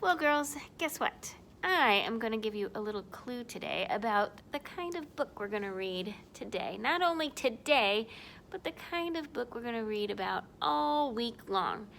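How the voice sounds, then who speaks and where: Animated sing-song woman teacher reading aloud. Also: fairly high pitch, moderate pace, gravelly, a little hiss or hum. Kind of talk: reading a picture book aloud to young children.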